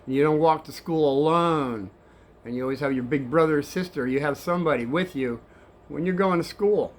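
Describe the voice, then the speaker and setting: An older man telling kids a story in a rambling, animated way, swinging between hushed and excited. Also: on the high side, a little fast.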